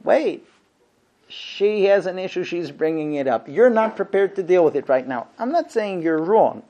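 A man's voice: sits high, moderate pace. A man teaching a marriage class to other men, making earnest points and then acting out household scenes with playful humor. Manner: lively, acts out husband and wife exchanges with humor; shifts between quiet earnest points and loud playful asides. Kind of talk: lecture to a class.

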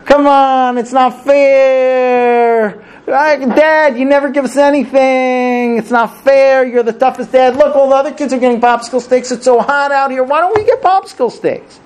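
A man voicing whining, complaining young children in a high, pleading voice. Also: normal speed, a little mellow, a little hiss or hum. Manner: whiny, high-pitched pleading.

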